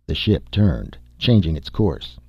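A man narrating a science fiction story in a steady, measured reading voice, with a husky tone. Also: extremely low pitch, dry recording, lo-fi sound. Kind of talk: audiobook narration.

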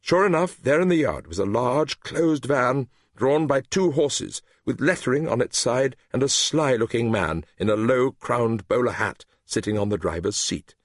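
A man narrating a story in a measured, expressive reading voice, recorded close to the mic. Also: medium pitch, no echo. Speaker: audiobook narrator.

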